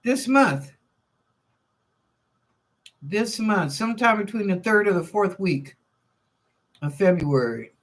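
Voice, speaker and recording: A woman's voice: medium pitch, animated, slow pace, pauses often. A woman hosting a live stream of psychic readings, answering chat questions in a chatty, informal way, thinking aloud and repeating phrases. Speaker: psychic reader and show host.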